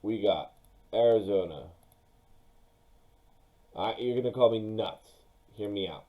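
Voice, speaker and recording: A young man giving casual, excitable commentary on his own football mock draft, speaking straight to his viewers. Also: lowish voice, a little slow, narrow, tinny audio. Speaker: sports YouTuber.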